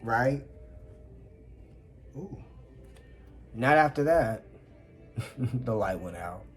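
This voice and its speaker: A man gives a loose, conversational tarot reading indoors, talking straight to his viewers. He sounds expressive and familiar, keeps asking whether they follow him and calls them honey. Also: medium pitch, slow, soft background music. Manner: chatty and expressive, often checking in with listeners and calling them honey. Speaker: tarot reader. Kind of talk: casual tarot reading to camera. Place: indoors under a ring light.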